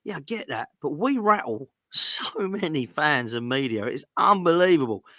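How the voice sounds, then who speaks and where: A man talking football in a bright, forceful voice. He chats directly and gets animated when he mocks rival fans. The sound is dry and close. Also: a little high, normal speed, no room sound. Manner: chatty, direct. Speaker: co-host. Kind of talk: casual football podcast chat.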